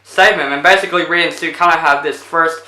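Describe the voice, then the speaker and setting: A man's voice: fairly high pitch, fairly even intonation, fast, sharp tone, roomy sound, poor audio. A man casually retelling a movie plot as a reviewer, rambling with lots of fillers. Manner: rambling, full of fillers like 'basically'.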